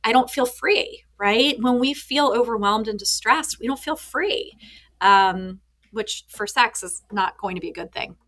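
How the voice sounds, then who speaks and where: A woman therapist in her thirties, a podcast guest, who tells animated stories and acts out the quotes in them. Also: medium pitch, moderate pace. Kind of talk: podcast interview.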